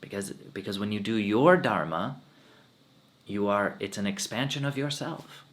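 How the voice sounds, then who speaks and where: Man, swami, spiritual talk, low voice, very slow pace, relaxed storytelling, laughs often. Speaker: swami giving satsang. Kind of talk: spiritual talk with personal stories.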